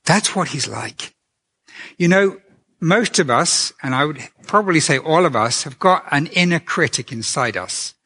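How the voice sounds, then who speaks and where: A man giving a conversational sermon as a preacher, earnest and gentle, asking his listeners questions. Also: fairly high pitch, animated, a little slow, husky.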